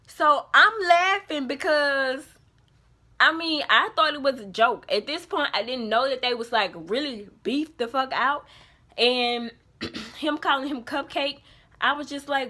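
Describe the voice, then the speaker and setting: A young woman telling a casual storytime vlog, animated and acting out the people in her story. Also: sits high, unhurried. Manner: animated storytelling, quoting others in put-on voices. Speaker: vlogger.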